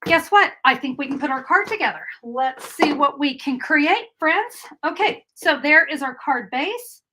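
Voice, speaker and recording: A woman's voice: high voice, lively intonation, measured pace, sharp tone, low-quality recording. A middle-aged woman giving a chatty, upbeat live card-making tutorial and answering viewer comments as she goes.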